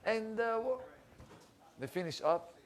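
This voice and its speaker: A rabbi telling a story, animated and acting out the people in it. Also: male voice, unhurried. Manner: animated storyteller, acts out quoted voices, rising pitch in emotional lines. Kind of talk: storytelling sermon. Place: synagogue.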